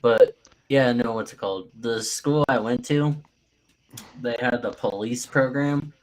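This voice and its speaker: A man's voice: mid-range voice, a little slow, a little hiss or hum, rough recording. A man chatting casually, rambling with hesitant fillers. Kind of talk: casual chat.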